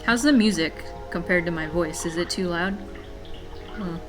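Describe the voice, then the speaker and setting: A woman's voice: lowish voice, normal speed, music in the background. A woman streamer giving casual, chatty gameplay commentary, thinking aloud and joking at her own expense. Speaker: game streamer.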